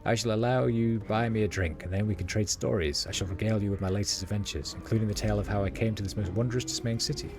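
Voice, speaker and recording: A man's voice: lowish voice, fairly even intonation, fast, hardly any pauses, music in the background, close to an everyday voice. A man reading as a pompous, arrogant warrior. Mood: boastful. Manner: pompous, archaic formal speech. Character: arrogant, proud human warrior man, easily offended.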